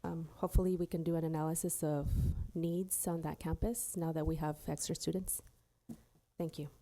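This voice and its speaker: Low, flat-voiced woman chairing a meeting. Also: normal speed. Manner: polite, apologetic, hesitant with fillers. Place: school board meeting room.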